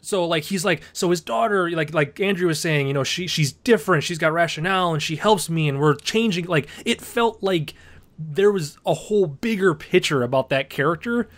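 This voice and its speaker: Casting: a chatty male podcast co-host, rambling, slightly high voice. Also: moderate pace, a bit bright. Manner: rambling, laughs often, puts on silly accents. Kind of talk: casual movie review chat.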